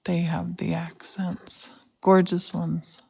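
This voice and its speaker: A woman chatting in a relaxed way while she paints, hosting the session. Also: on the low side, slow, creaky, husky. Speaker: painting host. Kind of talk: casual chat while painting.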